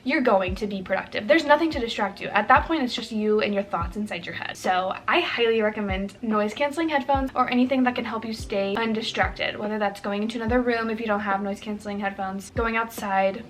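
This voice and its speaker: A woman's voice: medium pitch, fairly quick, few pauses, fairly bright tone. A young woman giving casual, upbeat advice in a vlog, talking chattily with lots of fillers. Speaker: vlogger.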